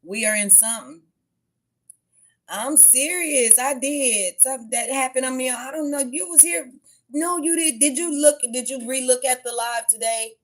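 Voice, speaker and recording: A woman hosting her tarot channel, chatting casually on a livestream and telling a story in frank, profane speech. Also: on the high side.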